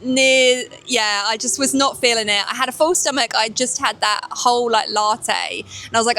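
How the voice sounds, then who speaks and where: A woman's voice: a little high, fairly even intonation, moderate pace, hardly any pauses, pushed and bright, slight background noise. A young woman vlogging in casual chat at a theme park, laughing often as she talks.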